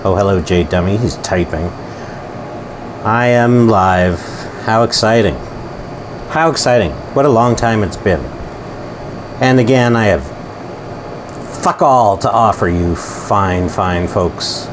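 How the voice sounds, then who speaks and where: A man's voice: lowish voice, takes it slowly, long pauses, background noise. A man with a Southern American accent hosting a live show, wry and rambling, swearing casually as he chats with viewers. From Southern United States. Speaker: podcast host.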